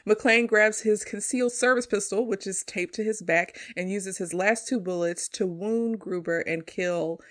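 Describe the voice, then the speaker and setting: A woman's voice: mid-range voice, measured pace, few pauses, fairly bright tone. A young woman hosting a casual movie review podcast, walking through the plot and laughing often. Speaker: podcast host.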